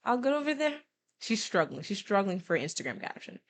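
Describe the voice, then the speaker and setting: A woman's voice: mid-range voice, very animated, fairly quick. Young woman streamer, casual giggly let's-play chat, self-deprecating asides. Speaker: gaming streamer. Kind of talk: let's play commentary, reading game text.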